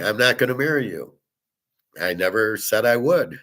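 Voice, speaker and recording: A man's voice: on the low side, expressive, moderate pace, sharp tone. A middle-aged man hosting a casual monologue, telling a personal story in a blunt, profane way. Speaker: host.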